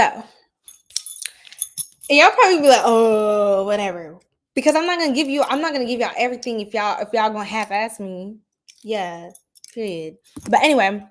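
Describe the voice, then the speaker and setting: Slow, sassy New York woman. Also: on the high side. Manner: sassy, playful, laughs often, repeats herself. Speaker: astrology livestream host. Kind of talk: casual livestream chat.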